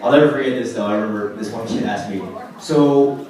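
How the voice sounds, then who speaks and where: A man's voice: fairly low pitch, very fast. A man in his twenties from Oregon doing a casual stand-up comedy set, telling stories and slipping into quoted voices. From Oregon, USA. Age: 20s. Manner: casual, lively storytelling with put-on quoted voices. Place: comedy club stage. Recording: echoey club from far off, loud crowd. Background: audience laughter.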